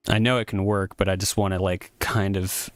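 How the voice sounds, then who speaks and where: A man's voice: sits low, little pitch movement, brisk, dry recording, studio quality. A man streaming a music tutorial, talking casually and thinking aloud, often correcting himself and apologizing in an easygoing way. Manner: casual, rambling, self-correcting. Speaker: streamer composing game music.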